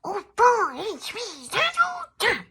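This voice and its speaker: A woman's voice: very high-pitched, wildly swooping pitch, slow pace, pushed and bright, pitched above the performer's own voice, full character voice. A woman voicing a hot-tempered male cartoon duck in a nasal, squawking voice made by holding her nose. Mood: excited.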